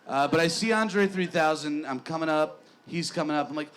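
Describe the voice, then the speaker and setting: A man's voice: fairly high pitch, lively intonation, moderate pace, hardly any pauses, a bit bright. A man in his twenties doing a stand-up set in a small bar, rambling and self-deprecating with stammered restarts. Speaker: stand-up comedian.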